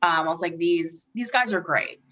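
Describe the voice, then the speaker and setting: A woman's voice: on the low side, moderate pace, fairly bright tone, muffled recording, slight background noise. A woman guest in a casual podcast chat, who talks in long runs with many fillers. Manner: rambling, heavy on filler words.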